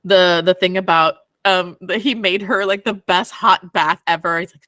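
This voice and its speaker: Bright, laughing young woman book club host. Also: medium pitch, normal speed, few pauses, dry recording, clean studio sound. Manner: animated, laughs often, excitable. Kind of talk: casual chat.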